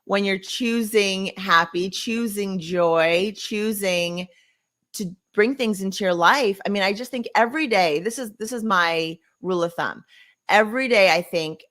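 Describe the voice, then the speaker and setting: A woman's voice: mid-range voice, normal speed, fairly bright tone. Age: adult. Sex: woman. Style: encouraging podcast co-host. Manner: encouraging, upbeat, laughs easily. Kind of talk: casual podcast chat.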